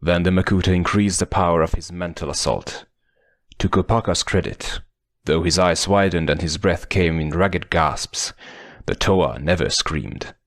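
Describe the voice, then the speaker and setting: A man narrating an adventure audiobook in a deep, low register with a gravelly, creaky texture. He reads in a measured, dramatic storytelling style. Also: dry recording. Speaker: audiobook reader.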